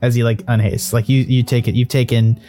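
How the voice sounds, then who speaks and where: A man's voice: medium pitch, fairly even intonation, brisk, warm tone, faint music behind. Man running a tabletop game, rambling. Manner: loose, rambling with frequent restarts and swearing. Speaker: game master. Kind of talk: narrating a tabletop game, casual banter.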